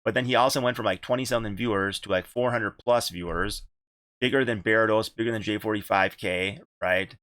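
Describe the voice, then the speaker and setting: Guy rambling fast about a game on his podcast, lowish voice, dry sound. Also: fairly even intonation, fairly bright tone, dry recording. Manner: rambling, repeats words, swears casually. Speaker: podcast host and streamer. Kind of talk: casual gaming chat.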